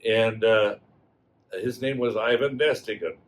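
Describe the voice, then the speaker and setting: A man in his eighties from Wisconsin, a school alumnus, telling old stories in a halting way full of fillers. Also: lowish voice, low-quality recording. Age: 80s. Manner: halting, many fillers and restarts. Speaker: alumnus guest. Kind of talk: reminiscing storytelling.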